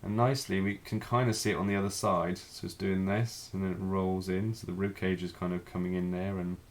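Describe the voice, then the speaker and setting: A man teaching a live figure drawing class, talking through each stroke as he draws, in a relaxed, thinking-aloud way. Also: sits low, fairly quick.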